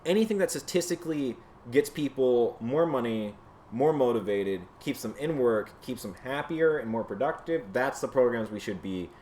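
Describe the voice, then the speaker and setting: A man hosting his own show, delivering a heated, profane rant to a camera, swinging from shouting to low muttering. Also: animated, normal speed, a little hiss or hum. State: sweaty from exertion. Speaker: podcast host. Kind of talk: solo ranting commentary to camera. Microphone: camera mic.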